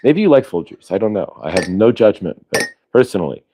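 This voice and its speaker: A man's voice: fairly low pitch, big pitch swings, a little fast, background noise. A male show host from Ohio chatting casually, rambling through tangents with frequent restarts. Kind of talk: casual chat.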